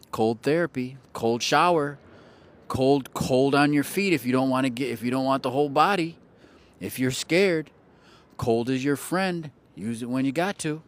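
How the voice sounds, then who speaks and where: A playful man chatting on a live stream, his pitch jumping around as he teases the viewers. He often repeats words in a sing-song way to make a point. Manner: playful, jokey, teasing viewers. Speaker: astrology livestream host. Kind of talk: casual livestream chat.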